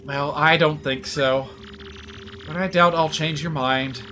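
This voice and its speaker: Man voicing a young princess, high, bright, spirited. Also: slow pace, soft background music. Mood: surprised. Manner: lively, higher put-on voice.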